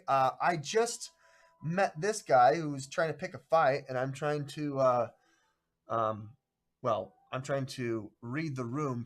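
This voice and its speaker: A man hosting a live stream of a solo tabletop adventure, chatting casually in a rambling, halting way. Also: mid-range voice. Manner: rambling, halting, greets viewers by name.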